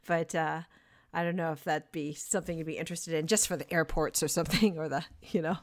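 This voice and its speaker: A woman's voice: low-pitched, normal speed, no echo, clean studio sound. Rambling, giggly radio co-host woman. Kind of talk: casual chat.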